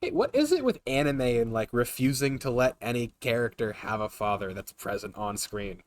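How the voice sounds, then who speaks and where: A man's voice: medium pitch, lively intonation, moderate pace, no echo. A man streaming a game live, making chatty, joking asides to his viewers. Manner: chatty, jokey asides to chat.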